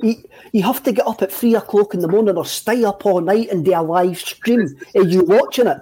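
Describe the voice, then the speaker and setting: High, mellow-voiced teasing man. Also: fairly quick, slightly rough. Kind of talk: casual chat.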